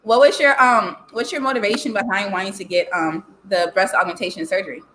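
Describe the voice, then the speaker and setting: A woman's voice: medium pitch, fairly even intonation, fairly quick, background noise. A woman hosting a casual live-stream interview, playful and joking as she asks questions. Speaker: host.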